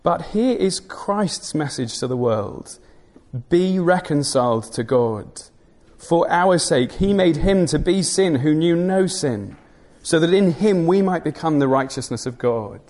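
Male preacher, sermon delivery, earnest and emphatic, slightly raised pitch, dry asides. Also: animated, unhurried, darkish tone.

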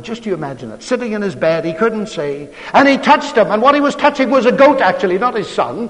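A man preaching a storytelling sermon in a chatty way, full of rhetorical tag questions. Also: sits high. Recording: long hall reverb.

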